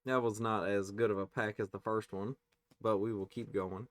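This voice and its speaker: A man hosting a casual pack-opening video, reading card names aloud and tossing in quick offhand reactions. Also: lowish voice, fairly even intonation. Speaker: card-opening channel host.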